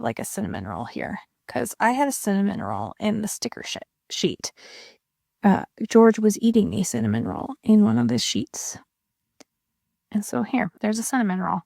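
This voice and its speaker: Woman rambling away about inks, little bit of fry in her voice, dry close mic. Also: mid-range voice, big pitch swings, normal speed, dark tone, no echo. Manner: chatty, rambling, self-deprecating. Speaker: ink and art video creator. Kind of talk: casual chat while swatching inks.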